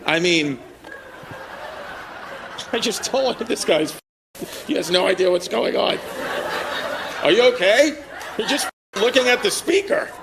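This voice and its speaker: A man with a high voice roasts audience members in brash, crude stand-up crowd work, laughing along as he goes. He speaks into a handheld mic from a club stage. A live crowd roars with laughter behind him over a steady wash of noise. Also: a little slow, gravelly, pauses often. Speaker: stand-up comedian.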